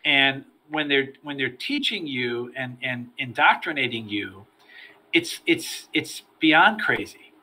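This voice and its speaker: A middle-aged man, a former federal agent, telling stories from his career as a podcast guest, animated and repeating words as he starts his sentences. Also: mid-range voice, slow. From United States. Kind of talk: storytelling in a podcast interview.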